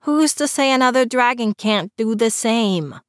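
A woman's voice: a little high, lively intonation, moderate pace, no room sound, clean studio sound, close to an everyday voice. A woman voicing an anxious young man who whines and speaks dryly. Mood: whiny. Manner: whiny, sarcastic.

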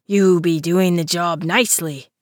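A woman voicing a gruff male river troll who speaks in broken grammar. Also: on the low side, fairly even intonation, a little slow, dry recording, studio quality, natural voice.

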